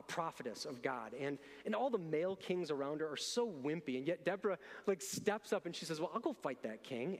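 A man with a somewhat high voice delivers a sermon from the pulpit. He talks earnestly and conversationally, often doubling words as he restarts a thought. A long church-hall reverb trails after his voice. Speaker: pastor. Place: church sanctuary.

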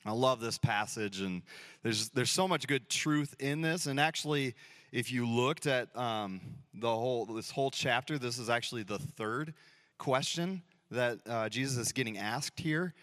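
A man's voice: mid-range voice, unhurried, fairly bright tone, dry recording. Friendly storytelling male pastor, dry sound. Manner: casual, storytelling, acts out dialogue playfully. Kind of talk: sermon. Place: church sanctuary.

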